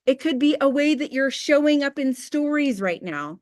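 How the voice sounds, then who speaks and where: A woman in her thirties hosting a casual motivational team call, chatty and candid, with quick asides and faith talk. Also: sits high, expressive, darkish tone, dry recording, clean studio sound.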